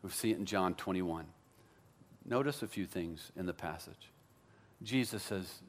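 A man's voice: deep voice, a little slow, long pauses. A man preaching a sermon as pastor, conversational and joking, with self-deprecating asides.

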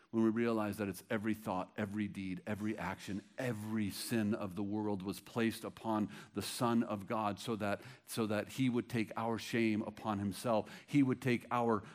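Man preaching with dramatic hush and surge. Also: lowish voice. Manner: dramatic, swings between hushed and loud; acts out quoted dialogue in Bible stories. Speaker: pastor. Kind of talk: sermon.

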